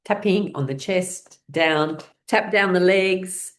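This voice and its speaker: A woman teaching a laughter yoga class, giving gentle instructions that often break into laughter. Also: fairly low pitch. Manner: slow, soothing guided meditation delivery.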